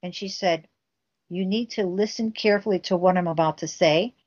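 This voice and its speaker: A woman's voice: fairly low pitch, moderate pace, a little mellow, lo-fi sound. A woman guest telling a family story intensely, acting out the quoted dialogue herself. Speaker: guest recounting a family case. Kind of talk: emotional storytelling interview.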